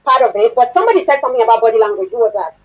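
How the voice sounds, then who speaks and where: Woman instructor, slightly high voice, chatty online class lecture, quizzes her students. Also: lively intonation, very fast, rough recording. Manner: chatty, laughs often, asks the class questions. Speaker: workshop instructor.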